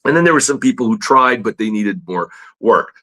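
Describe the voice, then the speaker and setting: A man, a comic book artist appearing as a guest, telling a story in a casual, animated way with frequent laughs and fillers. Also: on the low side, a little fast, rough recording. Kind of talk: casual storytelling in a podcast interview.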